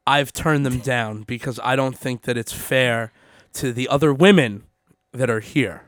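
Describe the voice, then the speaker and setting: A man's voice: medium pitch, measured pace, a bit bright, dry recording, clean studio sound. A young man co-hosting a podcast, joking and swearing in casual, defensive banter. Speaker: podcast co-host.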